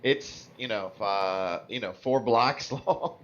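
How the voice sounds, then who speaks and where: A man's voice: fairly low pitch, slow pace, a bit bright, highs cut off. A man playing a tabletop game, who talks in a playful, laughing way. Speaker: player.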